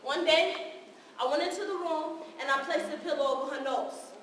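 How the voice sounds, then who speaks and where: An actress plays a wounded, defiant young woman in a live stage drama. Her voice sits high and bounces around a big echoing hall, picked up from far off. She speaks raw and confrontational. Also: normal speed, a bit bright, a little hiss or hum. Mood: defiant, angry. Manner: raw and confrontational, with bursts of bitter laughter. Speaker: stage actor. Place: theater stage. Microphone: distant room mic.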